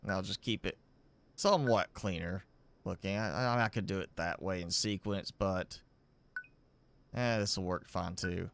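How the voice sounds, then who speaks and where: A man streaming a game live, thinking aloud as he builds, with halting, self-correcting talk. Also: low voice, creaky. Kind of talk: live gameplay commentary.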